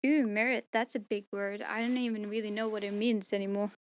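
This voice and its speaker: A woman's voice: mid-range voice, level tone, brisk. A woman narrating an audiobook, chatting through bloopers in a tired, strained voice, rambling and joking at herself. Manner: rambling, self-mocking, tired. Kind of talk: casual bloopers and outro chat.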